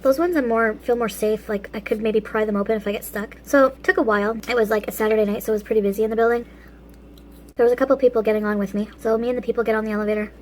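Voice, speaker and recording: A woman with a fairly high voice tells a casual story to her viewers, chatty and quick to laugh. She talks between bites of food. A faint hum of room ambience sits behind her. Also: fairly even intonation. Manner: eats and talks with food in mouth. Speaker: vlog host. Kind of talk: casual story time while eating.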